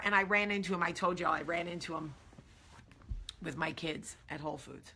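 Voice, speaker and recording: A woman's voice: lowish voice, normal speed, creaky, pushed and bright, a little hiss or hum. A woman with a New York area accent, hosting a casual morning vlog and talking emphatically and earnestly straight to her viewers. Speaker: show host.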